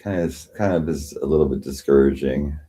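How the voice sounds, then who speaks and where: A man with a very low voice rambles through a casual livestream chat, tired and swearing freely. He halts, repeats himself and restarts often as he talks. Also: mellow, breathy edge. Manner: rambling, halting, many restarts and profanity. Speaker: livestream host.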